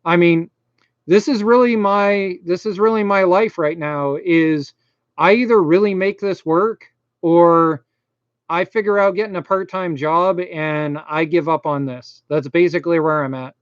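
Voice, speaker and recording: Man, Maine accent, slight lisp, high voice, dry close sound, rambling self-deprecating stream chat. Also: unhurried, clean tone, no room sound, lo-fi sound. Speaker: YouTube host. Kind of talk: casual live-stream chat.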